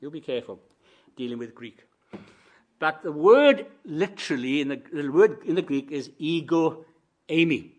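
A preacher, a man, delivering a sermon, shifting between quiet reflective musing and loud rising proclamation. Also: a little high, animated, moderate pace.

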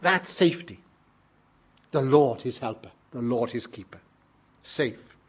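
A man's voice: mid-range voice, lively intonation, measured pace, breathy edge. A British man preaching a sermon, reading scripture and explaining it in an earnest, emphatic way. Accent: British English. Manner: earnest, emphatic preaching with sudden loud peaks.

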